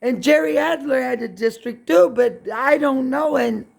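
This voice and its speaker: A man's voice: extremely high pitch, moderate pace, gravelly. A man from Brooklyn, rambling and swearing bluntly as he talks to his camera. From Brooklyn, New York. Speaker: vlogger.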